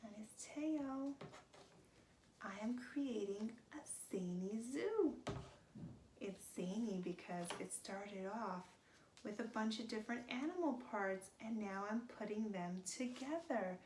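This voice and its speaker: A woman teaching a children's craft, talking gently and in a sing-song way as if to young children. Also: medium pitch, lively intonation, slow, reverberant, noisy background.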